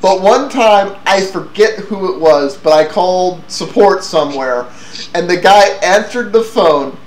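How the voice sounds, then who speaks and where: A man's voice: high voice, lively intonation, measured pace. A man hosting a casual tech chat, stumbling over restarts and laughing often. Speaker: podcast host. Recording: echoey room with faint noise.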